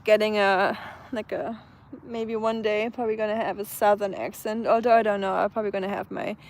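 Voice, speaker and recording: A woman's voice: mid-range voice, fairly even intonation, fairly quick. A woman from Germany with a German accent, casually chatting and answering viewers' comments on an outdoor live stream, with many fillers and restarts. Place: outdoors on a sunny day.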